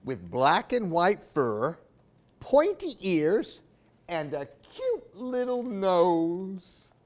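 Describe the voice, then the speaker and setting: A man's voice: high-pitched, huge pitch swings, extremely slow. A man reading picture books aloud for children, with playful asides to young listeners. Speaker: library storytime reader.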